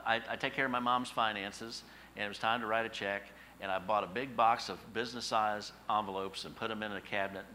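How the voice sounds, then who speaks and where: A middle-aged male pastor preaching a sermon, telling stories with emphatic, animated repetition. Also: lowish voice, slight background noise, poor audio.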